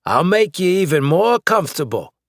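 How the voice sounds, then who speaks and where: A man's voice: high voice, very animated, normal speed, no echo, clean studio sound, pitched above the performer's own voice. A man voicing a volatile male gunman who taunts in a sing-song way and roars when angered, in an audiobook. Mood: sing-song taunting.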